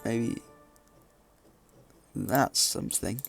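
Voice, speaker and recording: A man's voice: medium pitch, drawn-out words, creaky, faint music behind. A man giving casual gameplay commentary, thinking aloud and hesitating with fillers as he goes. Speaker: let's play gamer.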